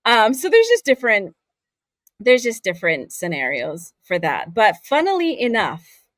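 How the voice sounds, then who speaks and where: A woman's voice: mid-range voice, moderate pace, dry recording. A woman raised in Saudi Arabia, a voice actor telling stories candidly in a casual interview. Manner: candid, animated storyteller. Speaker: voice actor guest.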